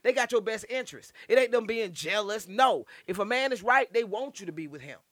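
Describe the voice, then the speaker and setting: A middle-aged woman, a guest poet, telling stories in casual podcast chat, animated, blunt and freely profane. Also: medium pitch, brisk, dry recording, studio quality.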